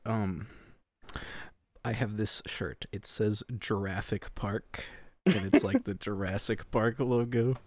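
A man's voice: lowish voice, slow, a little mellow, no room sound. A young man co-hosting a casual comedy podcast, laid-back and playing along with jokes. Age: young adult. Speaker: podcast co-host.

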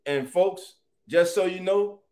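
Animated New man hosting sports chat. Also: high voice, slow. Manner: animated, greets viewers by name, calls them family. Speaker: sports talk show host. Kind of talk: casual live-stream sports chat.

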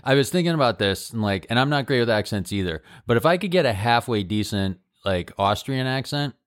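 A man co-hosting a podcast in casual chat, animated, often acting out quoted lines in little voices. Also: medium pitch, fairly quick, no room sound, clean studio sound. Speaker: podcast co-host.

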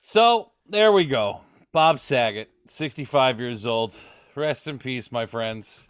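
A man's voice: medium pitch, expressive, takes it slowly, clear, resonant tone. A man hosting a casual show, talking loosely with lots of fillers. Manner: loose, filler-heavy, offhand. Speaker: podcast host. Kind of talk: casual chat.

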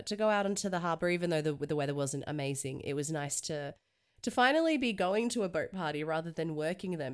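A woman's voice: fairly low pitch, smooth. A woman hosting a podcast, chatting candidly and reading news with a stuffy voice from a cold. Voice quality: stuffy sick voice. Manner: candid, chatty, swears casually. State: has a cold. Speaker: podcast host.

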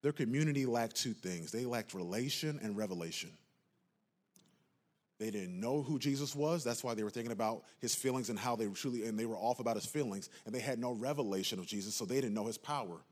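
A man preaching a sermon from the pulpit. His voice has a husky, slightly breathy edge and sits at an ordinary middle pitch. He swings from quiet teaching into loud, emphatic declarations and checks in with the congregation. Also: a little fast. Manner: impassioned preaching with call-and-response asides. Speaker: pastor.

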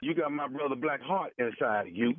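A man's voice: mid-range voice, fairly quick, no echo. A man making a prank phone call on a radio show, persistent and pleading, repeating himself. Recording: tinny phone line, dry.

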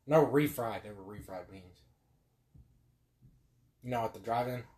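A young man trading crude, teasing banter on a casual podcast. He swears freely and mocks his friend. His voice sits at an ordinary middle pitch. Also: unhurried, a little mellow. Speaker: podcast co-host.

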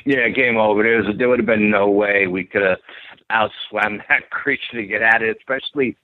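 A man excitedly retelling a story from his youth, acting out what people said and repeating himself. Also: lowish voice, moderate pace, no room sound. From New York. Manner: animated, repeats himself, acts out quotes. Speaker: guest telling an encounter story. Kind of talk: phone-in storytelling. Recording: tinny phone line.

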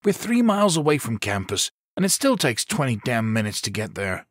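A man's voice: medium pitch, sing-song, brisk, no room sound, clean studio sound, voice pushed up. A man voicing a brash young SWAT officer in his twenties in an audiobook. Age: 20s. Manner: brash, cussing.

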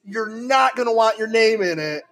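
A man's voice: high-pitched, normal speed, soft background music. A man co-hosting a casual podcast, reading out strange news stories and acting out the quotes with lots of laughter. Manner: animated storyteller, laughs often, acts out quotes. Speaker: podcast co-host.

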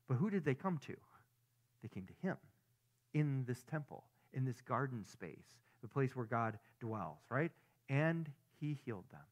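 A man preaching a sermon in a casual, conversational way, asking his listeners many rhetorical questions. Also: mid-range voice. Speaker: pastor.

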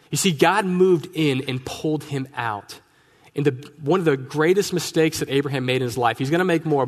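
Animated male pastor in echoing church. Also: medium pitch. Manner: animated storytelling, acting out voices of Bible figures. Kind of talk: sermon. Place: church sanctuary. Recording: long reverb of a church hall.

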